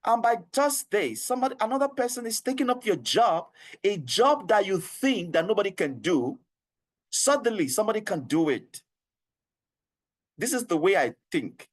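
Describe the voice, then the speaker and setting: A man with a Nigerian English accent runs an online HR training, his voice sitting a little on the high side. He coaxes and repeats himself earnestly. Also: sing-song, moderate pace. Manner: earnest, repetitive and coaxing, with frequent laughs.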